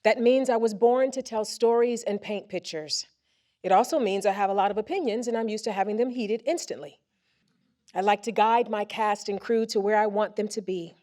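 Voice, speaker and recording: A woman presenter reading a first-person story aloud on a theater stage into a microphone, with expressive comic timing. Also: medium pitch, moderate pace. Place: theater stage before a live audience.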